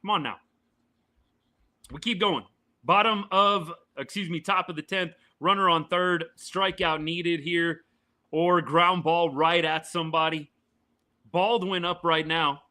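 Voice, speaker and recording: Guy ranting about baseball live, bright punchy voice, kinda high. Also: unhurried. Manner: opinionated, animated, answers live chat comments. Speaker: sports podcast host. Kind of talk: live game reaction chat.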